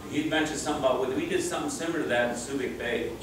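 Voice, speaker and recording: A man's voice: medium pitch, racing. A middle-aged man casually telling rambling, chuckling stories with many restarts, speaking to a crowd at a reunion. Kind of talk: casual storytelling speech to a crowd. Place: reunion gathering in a room. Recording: very echoey, distant, noisy room.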